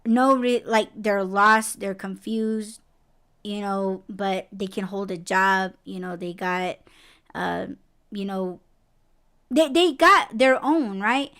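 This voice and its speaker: A woman's voice: medium pitch, slow pace, a bit bright, clean tone. A woman hosting a casual podcast conversation. She rants bluntly, swears a lot and breaks into emphatic, rising outbursts. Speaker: podcast host.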